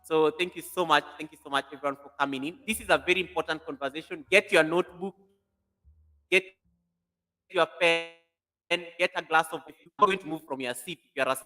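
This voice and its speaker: A man's voice: on the high side, fairly quick, pushed and bright, soft background music. A man hosting a livestream in casual chat, laughing a lot and greeting viewers by name. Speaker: livestream host.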